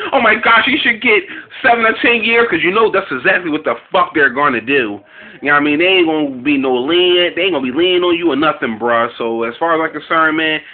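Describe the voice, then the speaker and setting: A man with a fairly high voice delivers a loose, profanity-heavy rant, circling back and repeating himself as he talks. The audio is thin and tinny, like it was caught on a phone line. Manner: profane, rambling, animated street talk. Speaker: video commentator. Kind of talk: casual reaction rant.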